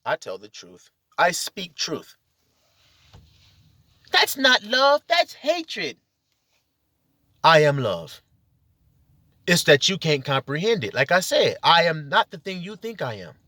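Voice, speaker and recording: A man launches into a preachy, confrontational spiritual rant full of profanity. His voice sits high and swings widely in pitch, bright and forceful, with sudden shouted peaks. The recording is dry and close, with no room sound. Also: big pitch swings, moderate pace, dry recording. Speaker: religious video commentator.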